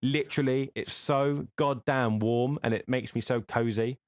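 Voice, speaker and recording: A man's voice: medium pitch, fairly even intonation, unhurried, no room sound, clean studio sound. A man co-hosting a podcast, rambling casually and swearing freely between yawns. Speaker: podcast co-host. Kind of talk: casual chat.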